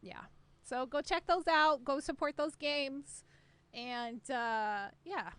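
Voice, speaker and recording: A woman's voice: high-pitched, animated, takes it slowly, a bit bright, dry recording. A woman co-hosting a casual gaming podcast, chatty, swearing freely and laughing often. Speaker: podcast co-host.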